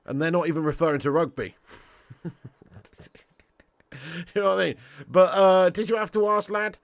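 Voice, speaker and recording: A man's voice: high-pitched, fairly even intonation, normal speed, gravelly, dry recording. A British man hosting a live football watch-along, chatting casually and reading out viewer comments. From Britain. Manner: chatty, laughs often, calls viewers mate and lad.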